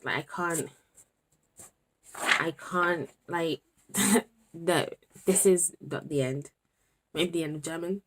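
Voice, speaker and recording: A young woman in her twenties with a British accent talks straight to the camera in a candid vlog. Her voice sits on the low side, and she rambles, sighs and talks to herself in an exasperated way. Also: background noise. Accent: British English. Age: 20s. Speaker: university student vlogger.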